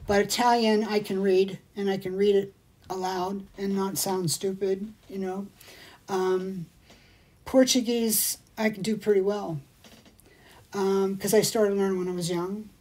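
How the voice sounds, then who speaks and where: A woman's voice: mid-range voice, flat delivery, measured pace, a little mellow. A woman hosting a casual livestream, chatting in a rambling, digressive way and reading out viewer comments. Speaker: jewelry shop livestream host.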